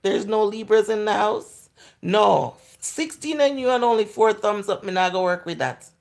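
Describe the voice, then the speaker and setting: A woman's voice: mid-range voice, expressive, normal speed, vocal fry, darkish tone. A woman in her forties with a Jamaican accent, chatting casually on a livestream and answering viewer comments, candid and slipping into patois. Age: 40s. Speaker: livestream host.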